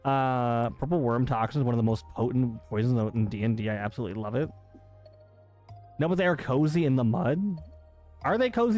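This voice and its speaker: Streamer incredulo che legge la chat. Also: male voice, mid-range voice, darkish tone. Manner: teasing, incredulous, quick to protest. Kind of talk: casual chat reading stream chat.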